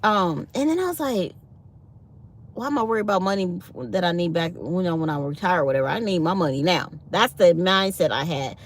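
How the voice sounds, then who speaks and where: A woman's voice: on the low side, brisk. A woman, hosting a casual morning chat for her channel and telling stories with acted-out quotes. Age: 50s. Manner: animated storytelling with acted-out quotes. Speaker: channel host. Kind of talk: casual chat to live viewers.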